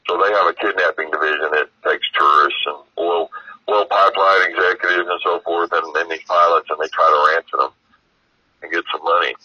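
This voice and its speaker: Deep husky man rambling through a story. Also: steady tone, fairly quick, dry recording, muffled recording. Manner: meandering, heavy on fillers and "you know". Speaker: guest telling a story.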